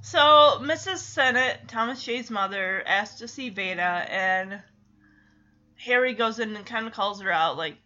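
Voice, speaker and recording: A woman's voice: on the high side, unhurried, pushed and bright, highs cut off. A woman casually recapping a movie, chatty and emotional as she tells the story.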